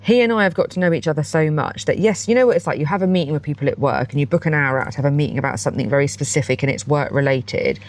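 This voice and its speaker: Talking very fast with few pauses, a low-voiced woman in her forties co-hosts a casual podcast. Her stories come with acted-out dialogue as she chats.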